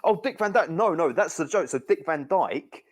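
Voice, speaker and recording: A man's voice: fairly high pitch, moderate pace. A British man, a guest on a podcast, chatting casually and joking. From Britain. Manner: animated, joking, does mock accents.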